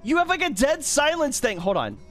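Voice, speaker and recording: A young man giving loud, excitable gameplay commentary, trash-talking other players, laughing and yelling often. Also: extremely high pitch, brisk, soft background music. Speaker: gaming YouTuber.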